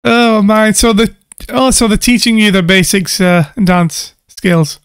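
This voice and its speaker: An enthusiastic man gives casual reaction commentary as a music producer, laughing and gushing as he goes. His voice sits high for a man and sounds smooth and clear. The recording is dry and close. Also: a little slow, no room sound.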